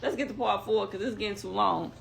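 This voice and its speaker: A young woman telling a story in casual chat, animated and acting out what others said. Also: mid-range voice, fast talker, creaky, a little hiss or hum. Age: young adult.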